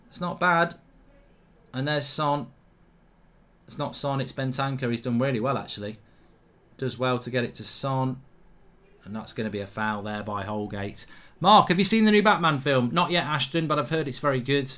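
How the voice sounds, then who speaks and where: A man hosting a live football watchalong, reacting to the match and reading out viewer comments, excitable and blunt, swearing freely. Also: medium pitch, normal speed.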